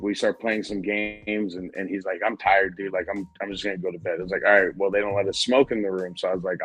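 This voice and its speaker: Profane storytelling man, low voice. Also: fairly bright tone. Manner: profane, rambling anecdote with quoted dialogue. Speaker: podcast host. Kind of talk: casual storytelling.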